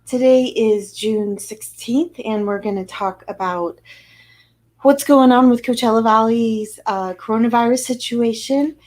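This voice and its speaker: Slow, easygoing American woman doctor. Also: fairly high pitch, fairly even intonation, a little mellow. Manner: unhurried, conversational, with fillers and restarts. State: a little out of breath. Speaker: physician giving a weekly update. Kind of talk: informal public health briefing.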